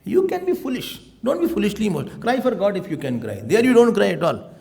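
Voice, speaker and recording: A man with an Indian accent giving a spiritual discourse, playful and animated, slipping Hindi phrases into his English. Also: high voice, quick pace, creaky. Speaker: spiritual teacher.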